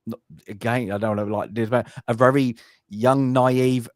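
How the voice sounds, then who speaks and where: With a steady tone and normal speed, a British man in the mid range co-hosts a podcast about a film. The chat is casual and rambling, packed with fillers and restarts, and the audio is dry, studio quality.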